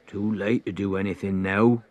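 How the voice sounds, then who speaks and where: A man's voice: lowish voice, little pitch movement, normal speed, close to an everyday voice. A man voicing a cross bystander in a storybook reading, grumbling and sour.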